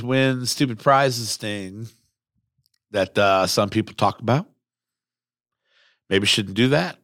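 A man hosting a sports podcast, talking casually in a rambling, excitable way with some swearing, recorded at a microphone. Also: mid-range voice, no room sound, clean studio sound. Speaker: podcast host. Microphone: studio microphone.

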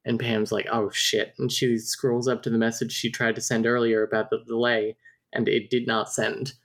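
A woman's voice: extremely low pitch, level tone, moderate pace. A woman casually recapping a romance novel on a podcast, reading out messages and passages and laughing often. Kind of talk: casual book recap chat.

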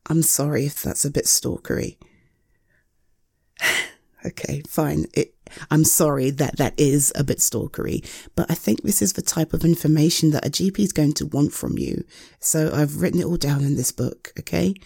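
A young woman in a one-sided audio role-play as a caring partner, gentle and soothing with hesitant pauses, close to the mic. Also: deep voice, gravelly, slightly rough, no echo.

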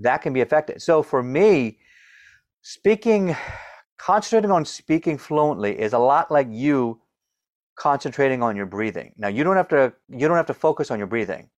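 A middle-aged man with a stutter talks as an interview guest. He explains things eagerly and demonstrates sounds as he goes. His voice sits at a middling pitch. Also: expressive, normal speed. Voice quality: stutters, repeating opening sounds. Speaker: guest coach. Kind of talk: conversational interview.

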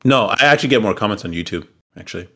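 Joking young man with a low voice. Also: lively intonation, racing, sharp tone, breathy edge. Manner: joking, laughs often, swears casually. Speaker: podcast host. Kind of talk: casual chat.

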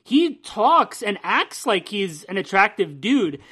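A woman co-hosting a casual comic book podcast, sarcastic and quick to laugh. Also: medium pitch, very animated, a bit bright, breathy edge. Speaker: podcast co-host.

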